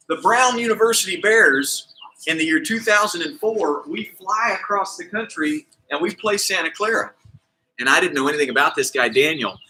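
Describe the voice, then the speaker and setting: This high-voiced man leads a kids' PE class, narrating a lively tale and performing the different characters' voices with theatrical flair. There's slight background noise, and the recording is low-quality.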